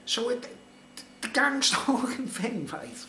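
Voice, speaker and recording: A man's voice: extremely high pitch, big pitch swings, takes it slowly, bright, forceful tone. A middle-aged man telling a rambling personal story in a casual vlog, full of "like" and "you know". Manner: rambling, filler-heavy, conversational. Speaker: vlogger. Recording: roomy echo, faint background noise.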